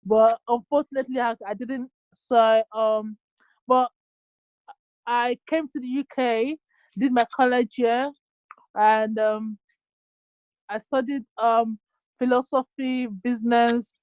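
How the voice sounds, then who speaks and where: A young woman from Nigeria, a bit high-voiced, talks through a dull, muffled video call. She pauses often with ums and restarts her sentences as she answers. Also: steady tone, dry recording. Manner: hesitant, many ums and restarts. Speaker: guest QA engineer. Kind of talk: casual online interview.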